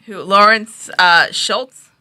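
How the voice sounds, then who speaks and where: A woman's voice: medium pitch, slow, sharp tone. A woman co-hosting a casual review chat, recapping the plot loosely with many fillers. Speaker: co-host.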